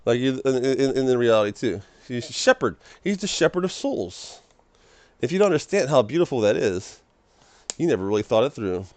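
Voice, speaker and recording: Rambling excitable man preaching casually. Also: medium pitch, fairly quick, no room sound. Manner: rambling, excitable, laughs often. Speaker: streamer.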